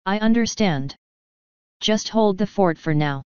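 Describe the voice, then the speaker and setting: A woman's voice: medium pitch, lively intonation, a little slow, darkish tone, clear, resonant tone, no room sound, close to an everyday voice. A woman voicing Harold, an earnest middle-aged stallion father who speaks firmly and defiantly to the staff. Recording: slightly dull, lo-fi.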